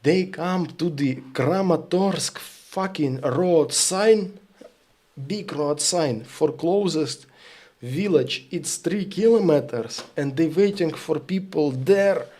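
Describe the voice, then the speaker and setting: A Ukrainian-born streamer, a native Ukrainian speaker with a Ukrainian accent, tells stories during casual stream talk in blunt, profanity-laden broken English. His male voice is on the high side, slow, and darkish in tone.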